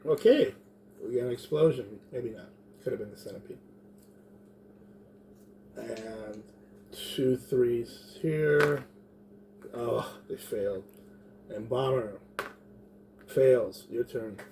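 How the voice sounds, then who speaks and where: A man's voice: mid-range voice, slow, long pauses, background noise. A man playing a tabletop game, thinking aloud as he plans his moves. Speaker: player.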